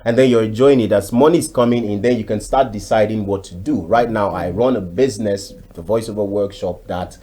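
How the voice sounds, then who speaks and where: Nigerian man with a low voice. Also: fairly quick, few pauses. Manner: expressive, chatty, with frequent fillers. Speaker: voiceover artist, guest. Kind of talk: TV interview talk.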